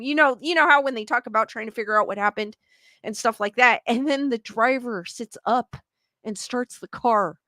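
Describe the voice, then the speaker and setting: A woman with a high, bright voice chats casually as she hosts, reading stories and comments aloud. She reacts freely and laughs often, and her recording sounds dry and close with no room around it. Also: steady tone, normal speed, no room sound. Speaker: host reading viewer stories. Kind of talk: casual chat.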